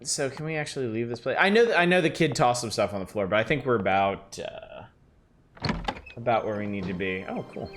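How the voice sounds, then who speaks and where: A man's voice: medium pitch, a little fast, background noise. Chatty male streamer playing a game. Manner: joking, chatty, addresses chat. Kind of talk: casual game commentary.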